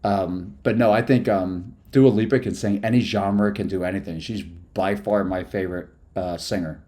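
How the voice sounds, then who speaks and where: A man's voice: sits low, steady tone, moderate pace, mellow. A man chatting casually on a live stream, hyper and rambling from topic to topic after no sleep. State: sleep-deprived.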